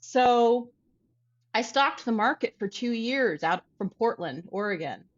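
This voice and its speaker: A woman artist from Ohio telling a story in a casual interview, chatty and animated. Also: a little high, slow, lo-fi sound. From Dayton, Ohio. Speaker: artist guest.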